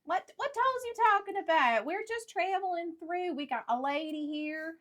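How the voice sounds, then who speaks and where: A woman's voice: very high-pitched, expressive, normal speed, a bit bright, pitched above the performer's own voice. A woman voicing a folksy, brash male traveling companion who talks in a bluff drawl.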